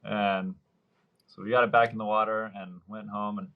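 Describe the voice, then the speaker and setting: A man's voice: lowish voice, flat delivery, moderate pace, creaky, narrow, tinny audio. A man in his thirties, a surf fishing guide, telling long rambling stories in a casual interview and acting out the voices of the people he quotes. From Mexico, Baja California Sur. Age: 30s.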